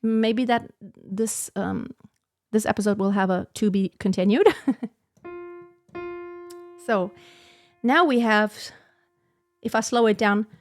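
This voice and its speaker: A woman's voice: mid-range voice, slow pace, pauses often, faint music behind. A woman who sings lyric coloratura soprano, talking herself through an aria practice session. She is self-critical and breaks into short sung demos. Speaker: singing teacher practicing an aria. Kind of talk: thinking-aloud practice commentary.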